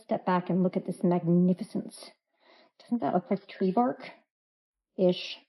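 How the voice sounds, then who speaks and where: A woman hosting a hands-on craft tutorial, chatty, playful and quick to get excited. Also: fairly low pitch, music in the background, low-quality recording.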